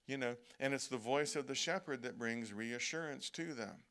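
A man delivering an evening sermon in a loose, conversational way. He keeps checking in with "okay?" and slows down to lean on quoted scripture. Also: medium pitch, fairly bright tone, clean tone. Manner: conversational preaching, frequent "okay?" check-ins, slows to stress quoted verses. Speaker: preacher. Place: church service.

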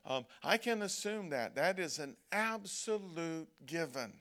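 A man delivering an evening sermon in a loose, conversational way. He keeps checking in with "okay?" and slows down to lean on quoted scripture. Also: a little high, lively intonation, pushed and bright. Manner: conversational preaching, frequent "okay?" check-ins, slows to stress quoted verses. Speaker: preacher. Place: church service.

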